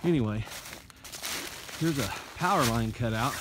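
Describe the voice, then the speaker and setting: A bushcraft vlogger with an Indiana accent chats casually into the phone he's holding while hiking uphill through the winter woods, a little out of breath. His mid-range voice has lively intonation and a slightly slow pace as he rambles in an easygoing, folksy way. The background is noisy.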